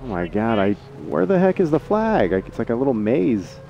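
A man streaming a tank game live, chatting excitably to teammates and viewers. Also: mid-range voice, moderate pace, vocal fry, muffled recording. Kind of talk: live gameplay commentary.

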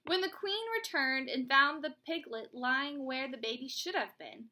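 A young woman, a teacher at home, reading a storybook aloud to her child with animated, chatty asides. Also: high-pitched, moderate pace, slight background noise.

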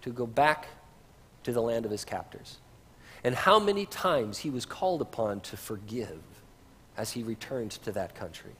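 A man's voice: mid-range voice, animated, moderate pace, fairly bright tone, slight background noise. A man preaching a sermon as pastor, in a conversational way with casual asides, in a church sanctuary. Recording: reverberant church livestream.

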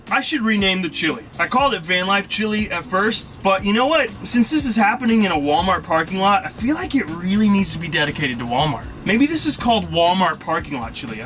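Casting note: high-pitched male vlogger, jokey and rambling, cooking in a van with music behind. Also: sharp tone. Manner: jokey, rambling, self-mocking. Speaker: vlog host. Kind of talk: casual cooking vlog. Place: inside a van in a parking lot.

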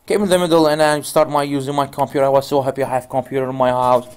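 A man teaches networking in a relaxed, rambling way, stringing his explanation into a story and leaning on "you know" and "goes like." His English has non-native phrasing, and his voice sits at an ordinary middle pitch for a man. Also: rapid-fire, smooth. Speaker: networking instructor. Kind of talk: casual screen-share tutorial.

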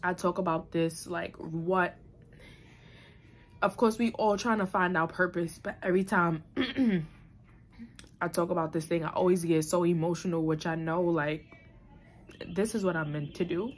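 Young woman vlogger, low-pitched and candid, reflective, slips into emotion, lots of ums and restarts. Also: measured pace, long pauses. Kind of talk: candid personal vlog. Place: New York City.

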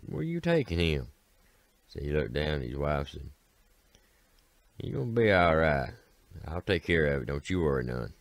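Very deep-voiced man, Appalachian accent, folksy storyteller, dry close recording. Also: dry recording. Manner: folksy, repeats "said" often, voices characters. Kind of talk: folk tale storytelling.

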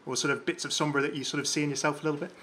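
A man hosts an interview, talking quickly in a bright, forceful voice. His pitch sits slightly high for a man. He hedges his questions with lots of "sort of" fillers. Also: flat delivery, slight background noise. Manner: hedging with many "sort of" fillers and restarts. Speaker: interview host.

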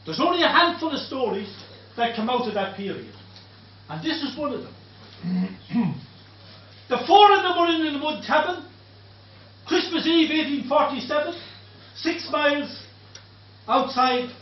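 A man telling a story live in a pub, animated and earthy, swearing freely as he talks. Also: very high voice, a little hiss or hum. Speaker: storyteller and reciter. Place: pub, indoors. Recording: echoey pub, from far off, dull.

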